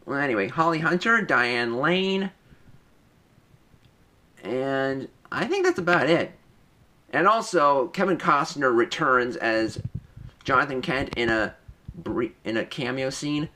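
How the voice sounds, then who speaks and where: A man's voice: mid-range voice, lively intonation, slow pace, pauses often, pushed and bright, a little hiss or hum. Eager young man rambling through a movie review. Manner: eager, rambling, frequent restarts. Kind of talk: casual movie review vlog.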